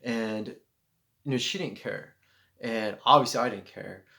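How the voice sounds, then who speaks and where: A man records spiritual reflections on a handheld camera, its mic picking up an earnest, rambling monologue full of "you know." His voice is fairly low, slow and gravelly, pushed and bright.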